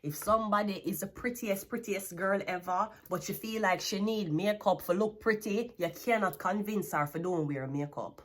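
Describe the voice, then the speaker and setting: A woman's voice: medium pitch, normal speed, hardly any pauses, a little hiss or hum. A Jamaican woman giving a tarot reading, blunt and scolding, with plenty of swearing. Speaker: tarot card reader.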